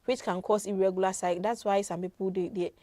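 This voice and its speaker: Woman, midwife guest, earnest explainer, mid pitch, dry close sound. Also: fairly even intonation, quick pace, warm tone, no echo. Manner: earnest, repeats words, frequent fillers. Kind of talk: explaining health advice.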